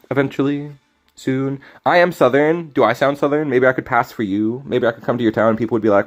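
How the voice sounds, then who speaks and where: Guy streaming a card game, mid-pitch, teasing his chat, yelps out when stuff happens. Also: fairly even intonation, fast talker. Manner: casual, teasing banter with chat; sudden loud reactions. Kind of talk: live game stream commentary.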